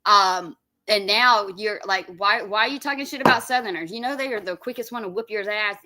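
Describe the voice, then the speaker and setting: Bright-voiced laughing woman. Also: medium pitch, fairly quick. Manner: laughing, amused, casual cursing. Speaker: streamer reacting. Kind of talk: casual chat.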